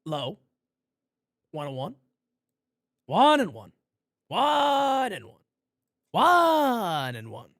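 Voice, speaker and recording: A man from New York hosting a live fan play-by-play stream, blunt and profane, swinging from loud calls to low asides. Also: huge pitch swings, very slow, pauses often, no echo, clean studio sound. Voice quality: profane, blunt street talk.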